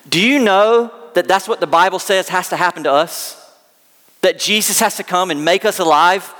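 A male pastor preaching with earnest storytelling and casual asides. His voice sits a bit high for a man. A long reverb trails each phrase in a church hall. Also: moderate pace, fairly bright tone. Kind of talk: sermon.

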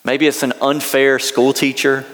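Southern pastor preaching in a reverberant hall. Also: male voice, medium pitch, flat delivery, a little slow, a bit bright. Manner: conversational, folksy asides. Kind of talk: sermon.

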